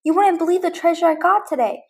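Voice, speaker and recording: An eager young boy, bursting with delight, as a woman reads him aloud. The voice sits high above her own and bounces loudly. It is a simple storybook read-aloud. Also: quick pace. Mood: excited.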